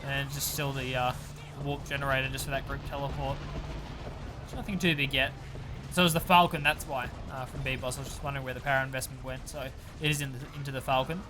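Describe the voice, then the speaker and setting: A man co-commentating a strategy video game in an easygoing, casual way, quick to laugh. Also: medium pitch, level tone, over music.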